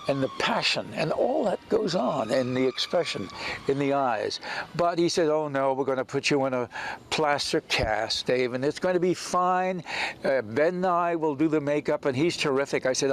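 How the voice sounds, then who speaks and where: A man's voice: on the high side, gravelly, slight background noise. An older man reminiscing in an interview about acting in a film, telling stories animatedly and acting out quoted lines. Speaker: actor recalling a film role.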